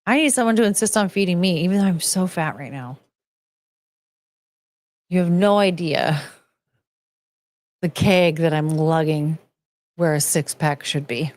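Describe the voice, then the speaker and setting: A woman's voice: on the low side, a little slow, long pauses, dry recording. A woman hosting a casual livestream who rambles, chats to her pet and breaks into bits of song. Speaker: podcast host.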